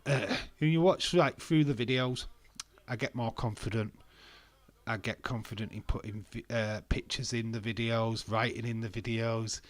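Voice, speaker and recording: A man's voice: mid-range voice, fairly even intonation, normal speed, dry recording. A man streaming casually, rambling and self-deprecating, with a stuffy, bunged-up nose and frequent laughs. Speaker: wrestling streamer. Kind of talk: casual live-stream chat.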